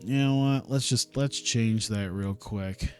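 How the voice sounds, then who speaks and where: A man's voice: lowish voice, takes it slowly, clean tone, soft background music. A man casually talking through a wrestling management game on a live stream, thinking aloud, chuckling and swearing now and then. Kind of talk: casual gaming stream commentary.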